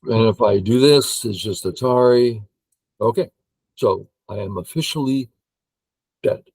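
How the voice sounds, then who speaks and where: An older man who teaches Go, playing a game and thinking aloud in an excitable way while humming and counting under his breath. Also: mid-range voice, a little slow, slightly rough, no echo, poor audio.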